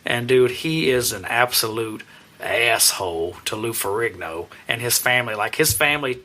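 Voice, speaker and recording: Bright-voiced, swearing podcast co-host man. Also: medium pitch, moderate pace. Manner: profane, animated storytelling. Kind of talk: casual chat.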